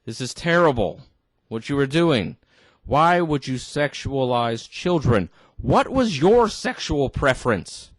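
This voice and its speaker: A man's voice: mid-range voice, very animated, no room sound. A tipsy man ranting indignantly to camera, exasperated and stumbling over his words. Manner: indignant, exasperated, halting restarts. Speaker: vlogger. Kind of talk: ranting commentary.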